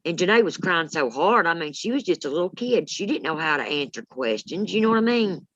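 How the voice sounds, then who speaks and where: A woman's voice: lowish voice, fairly quick, dry recording, muffled recording. A woman, telling a story in blunt, salty casual chat. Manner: blunt, salty, animated retelling.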